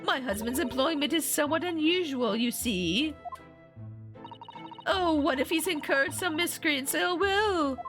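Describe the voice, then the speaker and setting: A woman's voice: high-pitched, animated, a little slow, fairly bright tone, soft background music. A woman voicing a refined, well-off married lady who speaks primly and politely. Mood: worried. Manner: prim, polite.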